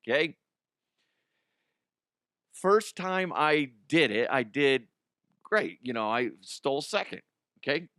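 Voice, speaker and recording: A man's voice: medium pitch, a bit bright, no room sound, clean studio sound. A middle-aged man hosting a comedy sports news show, telling a self-deprecating story in a loose, casual way, laughing often and swearing freely. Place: studio.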